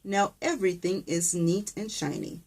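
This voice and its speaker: A woman voicing a fussy, tidy farmer's wife in a brisk, prim way. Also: lowish voice, a little mellow, distant mic, close to an everyday voice.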